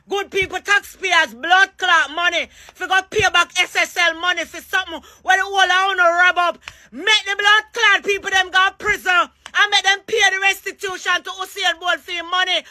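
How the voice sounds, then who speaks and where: A man with a Jamaican accent shouting an angry, cursing rant that accuses the government. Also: very high voice, no room sound.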